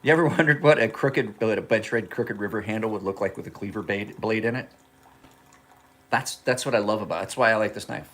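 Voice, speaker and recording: A man's voice: fairly low pitch, a little fast, a bit bright. A man casually chatting on a livestream from his home kitchen, rambling and joking as he talks. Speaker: knife sharpener and livestream host.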